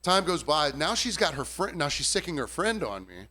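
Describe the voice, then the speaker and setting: A man who tends bar tells a story on a casual podcast in a slightly high voice at a moderate pace. He's animated and foul-mouthed, imitating customers as he goes.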